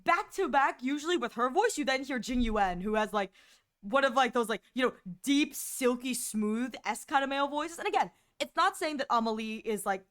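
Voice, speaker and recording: A woman's voice: on the high side, a bit bright. A woman streamer chatting casually with her viewers, giggling often and acting out quoted voices.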